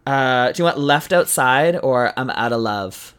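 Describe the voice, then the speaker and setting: Co-host, casual drag recap chat, animated and giggly, medium pitch. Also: measured pace, clear, resonant tone. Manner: chatty, animated, laughs often. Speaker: podcast co-host.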